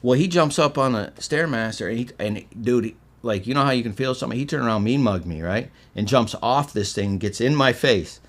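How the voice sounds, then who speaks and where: A middle-aged man from Michigan, a podcast guest telling a story in a casual, animated way and acting out the quotes. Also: mid-range voice, brisk, few pauses. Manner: animated storyteller, acts out quotes with swings in loudness.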